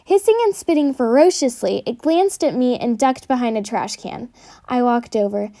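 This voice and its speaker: A woman reading her own storybook aloud in an earnest, steady way. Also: fairly high pitch, normal speed.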